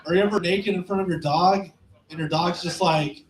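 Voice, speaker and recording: Late 20s guy doing edgy standup, kinda high voice, echoey little club. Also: brisk, heavy background noise. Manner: deadpan, crude, asks the crowd questions. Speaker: stand-up comic. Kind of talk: stand-up comedy set. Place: small comedy club. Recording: roomy club echo.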